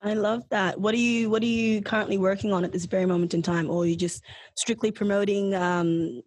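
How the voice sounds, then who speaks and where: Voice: mid-range voice, fairly even intonation, a little fast, no room sound. A co-host with a mid-range voice joins in with playful, teasing questions. The sound is dry and close. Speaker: interview co-host. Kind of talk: interview hosting.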